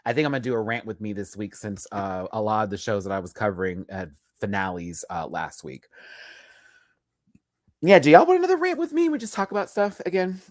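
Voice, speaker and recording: A man's voice: on the low side, sing-song, brisk, few pauses, no echo, studio quality. A young man giving a casual live-stream review of a reality show, sassy and chatty with camp slang, talking while doing his makeup.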